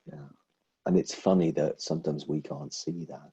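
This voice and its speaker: Male host, very low and husky, gentle and affirming, dull lo-fi recording. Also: steady tone, normal speed. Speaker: podcast host. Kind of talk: interview chat.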